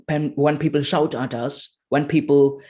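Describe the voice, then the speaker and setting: A man giving a motivational talk with a short guided exercise, emphatic and repetitive, slowing to soft guiding tones. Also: on the high side, steady tone. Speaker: motivational speaker.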